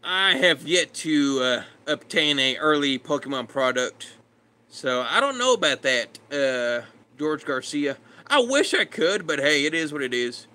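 A man's voice: on the high side, sing-song, unhurried, bright, forceful tone. A man casually chatting with his live stream viewers, laid-back and greeting them by name. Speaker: streamer reading chat.

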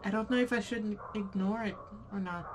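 A young woman doing let's play commentary reads the game's on-screen text fairly quickly in a steady, medium-pitched voice, reacting with startled outbursts in between. The background is noisy, with game music playing.

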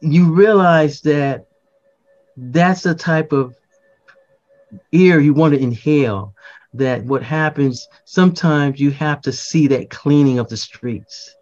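A man's voice: fairly high pitch, slow pace, a little mellow. Older man, reflective, slightly muffled. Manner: reflective, repeats words, frequent fillers and restarts. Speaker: poet, podcast guest. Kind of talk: conversational explanation.

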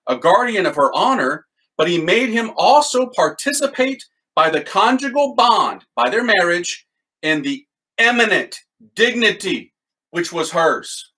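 A man teaching a Catholic devotional series with excited commentary on quotes, then leading a litany prayer. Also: high-pitched, poor audio. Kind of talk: enthusiastic spiritual teaching and prayer.

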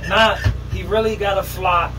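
A man's voice: high-pitched, steady tone, moderate pace, recorded from a distance, noisy background. A man talking casually and emphatically, repeating himself as he makes his point. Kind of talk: casual street talk.

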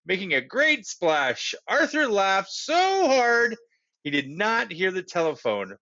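A man reads a children's story aloud with an expressive, animated delivery. His voice sits high, bright and lively in its rise and fall. The recording is dull and lo-fi. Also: slow.

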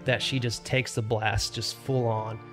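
Flat-voiced man running a tabletop game. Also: mid-range voice, unhurried, music in the background. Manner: steady descriptive narration with frequent fillers. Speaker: game master.

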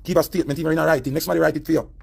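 A man's voice: a little high, steady tone, very fast, vocal fry, breathy edge. A man with a Jamaican accent giving heated, preachy commentary, repeating his points as he rants. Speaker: online commentator. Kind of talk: ranting commentary.

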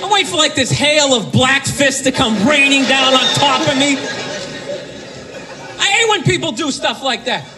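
A male stand-up comedian doing an animated routine, shouting his punchlines in mocking bursts. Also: very high voice, moderate pace, music in the background. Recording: live club set with crowd laughter and noise. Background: audience laughing.

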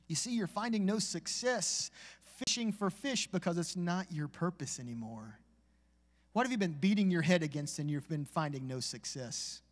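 A man preaching a live sermon in a church, with folksy asides, building from a conversational tone to shouted exhortation. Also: on the high side, lively intonation, normal speed. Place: church sanctuary. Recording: long church hall reverb.

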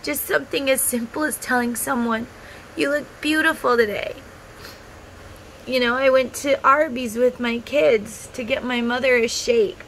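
A tarot content creator in her thirties speaks to camera in a casual, heartfelt, rambling monologue, close to tears. Her voice is on the high side with fairly even intonation, at a moderate pace with few pauses, and the poor audio carries slight background noise.

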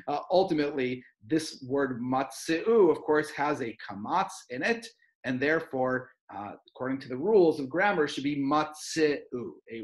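Man lecturing with many "uh" pauses. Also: mid-range voice, low-quality recording. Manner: explanatory, many "uh" fillers and "right?" checks. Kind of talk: recorded lecture.

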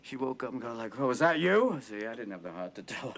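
A man's voice: mid-range voice, very animated, fast, a bit bright. An actor playing a wry, blunt middle-aged male therapist who tells stories and swears casually, heard in a film clip. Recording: film clip with background noise.

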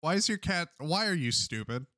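A man streaming, ranting in mock fury and swearing, his voice jumping high into yelps. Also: big pitch swings, moderate pace, bright, forceful tone, no echo, clean studio sound.

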